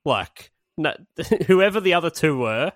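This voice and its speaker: An Australian man co-hosting a podcast, telling anecdotes with quick impressions in casual chat. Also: a little high, animated, dry recording, studio quality. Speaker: podcast co-host.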